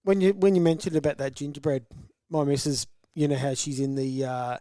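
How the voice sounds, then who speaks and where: Aussie co-host, raised pitch, quick jokey interjections, dry sound. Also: male voice, steady tone, mellow, dry recording. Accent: Australian. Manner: joking, chimes in with quick quips. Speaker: podcast co-host. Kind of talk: casual banter.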